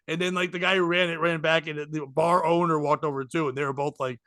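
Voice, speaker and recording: A man's voice: on the high side, brisk, clear, resonant tone, no room sound, clean studio sound. A man telling comedy stories on a podcast, laughing often and acting out what people said. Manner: animated, laughs often, acts out quotes. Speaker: comedian guest. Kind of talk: casual podcast storytelling.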